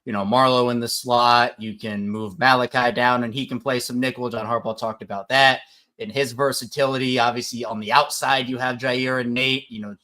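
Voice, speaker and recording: Joking, animated male podcast co-host. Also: mid-range voice. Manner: animated, joking, quick to banter. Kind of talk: casual sports podcast chat.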